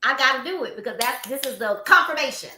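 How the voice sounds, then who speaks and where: A woman's voice: high voice, fast talker, a little hiss or hum. A woman with a Southern US accent hosting a casual chat, telling stories with animation and acting out what people said. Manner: animated storytelling, acts out quotes. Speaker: host. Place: office room. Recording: echoey room.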